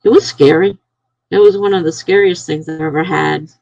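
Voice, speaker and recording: A middle-aged woman casually telling a personal story on a live stream, rambling and halting with many restarts. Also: sits low, steady tone, vocal fry, darkish tone, no echo, muffled recording.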